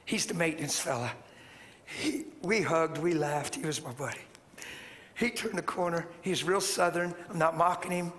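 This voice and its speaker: A man preaching a sermon as a story, animated and rising to shouts. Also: on the high side, moderate pace. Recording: long hall reverb, faint noise.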